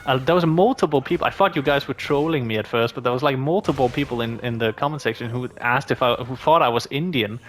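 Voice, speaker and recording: A man's voice: mid-range voice, quick pace, hardly any pauses. Danish-accented man rambling through a Q&A. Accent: Danish, with a slight British tinge. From Denmark. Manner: rambling, with frequent restarts and fillers. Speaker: gaming YouTuber. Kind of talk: casual Q&A monologue.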